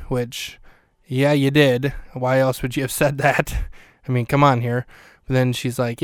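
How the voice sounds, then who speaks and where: A man's voice: mid-range voice, level tone, unhurried, clean tone, dry recording, clean studio sound. A man hosting a podcast, recapping an episode in a chatty, wry way with lots of fillers and restarts. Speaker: podcast host. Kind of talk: casual solo recap commentary.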